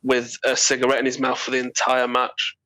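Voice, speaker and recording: A man's voice: medium pitch, monotone, brisk, bright, forceful tone, no echo, rough recording. A man in casual podcast chat, sheepish and joking with his friends.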